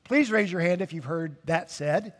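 A male pastor preaching a sermon, slow and emphatic, with dramatic pauses and repetition. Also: high voice, fairly bright tone. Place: church sanctuary. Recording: long church hall reverb.

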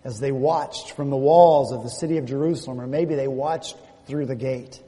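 Male pastor, Southern US accent, animated sermon storyteller, long hall reverb. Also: mid-range voice, moderate pace. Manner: animated storytelling, acts out quoted speech. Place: church sanctuary.

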